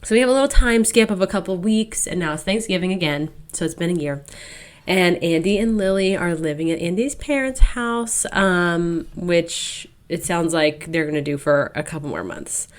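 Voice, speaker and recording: Young female podcast co-host, lower voice, casual storytelling recap with quick voiced asides. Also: animated. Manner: chatty, acts out characters' lines in quick asides. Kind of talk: casual chat recapping a book.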